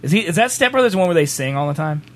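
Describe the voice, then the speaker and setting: A man's voice: a little high, lively intonation, very fast. A man casually chatting with a co-host about a movie trailer, joking and laughing often. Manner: laughing, jokey, puts on silly fake British accents. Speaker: podcast co-host.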